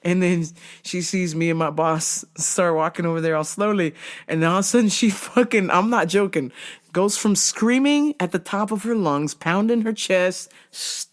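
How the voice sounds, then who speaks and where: A woman's voice: fairly low pitch, measured pace. A woman hosting a podcast, telling a comedic story with lots of swearing and laughter. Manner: animated, swears freely, laughs often. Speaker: podcast host.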